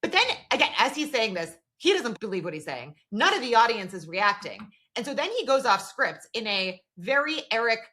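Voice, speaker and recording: Bright-voiced woman recapping a TV episode. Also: a little high, big pitch swings, normal speed, hardly any pauses. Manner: retells scenes at length, quoting characters, many "like" fillers. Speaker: podcast co-host. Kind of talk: casual TV recap chat.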